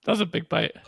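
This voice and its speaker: A man's voice: very high voice, creaky, a bit bright, no room sound. A man co-hosting a podcast in casual chat, joking and laughing often into a close mic. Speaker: podcast co-host.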